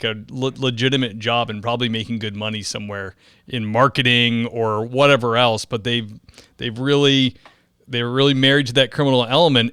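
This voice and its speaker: A man's voice: medium pitch, pushed and bright, clear, resonant tone, no room sound, clean studio sound. A man hosting a casual interview, laughing easily and reacting to his guest. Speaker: podcast host.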